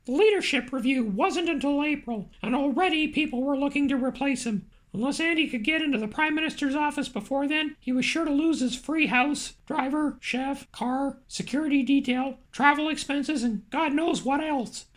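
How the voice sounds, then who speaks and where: Rusty the Rooster, a man's impression, high and squeaky. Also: normal speed, few pauses, a bit bright. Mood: storytelling. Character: chirpy male rooster puppet narrator. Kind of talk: audiobook narration.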